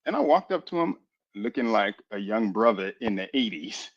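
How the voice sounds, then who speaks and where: A man in his fifties from Boston, a military chaplain telling his story as a radio interview guest, lively and full of acted-out dialogue. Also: lowish voice, normal speed. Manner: animated, lively storyteller who acts out dialogue. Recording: dull lo-fi radio audio.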